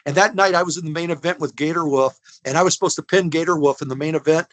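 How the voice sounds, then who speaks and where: A man in his sixties , an interview guest tells rambling, folksy stories with a fairly high voice. He acts out the people in his tales as he goes. The sound is close and dry. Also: quick pace, dry recording. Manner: animated storyteller who acts out other people's lines; folksy, rambling, with restarts and laughter. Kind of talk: casual storytelling.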